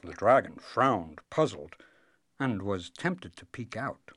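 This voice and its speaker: A man reads a fairy tale aloud, taking his time and letting his pitch rise and fall with feeling. His voice sits a little high for a man. The recording is close and dry. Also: slightly rough, no room sound. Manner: slow, expressive reading. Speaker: storyteller. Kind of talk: storybook read-aloud.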